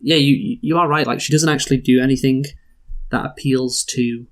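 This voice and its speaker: A man's voice: medium pitch, fairly even intonation, moderate pace. A man co-hosting a casual film review podcast, candid and thinking aloud, swearing casually.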